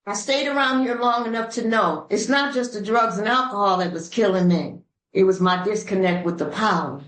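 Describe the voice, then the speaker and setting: An older woman from Los Angeles tells her recovery story with a preacher's punch, her mid-pitched voice swinging high and low. The talk rings with the echo of a meeting room. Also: normal speed. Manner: animated, preacherly storytelling with sudden shifts of voice; African American Vernacular English grammar. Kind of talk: speaker-meeting share.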